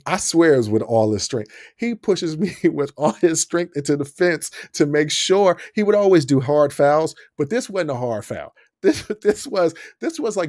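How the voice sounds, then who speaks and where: This young podcast host's voice is a little high, heard through clean studio sound without echo. He tells his story in a loose, lively way, frequently laughing and imitating what others said.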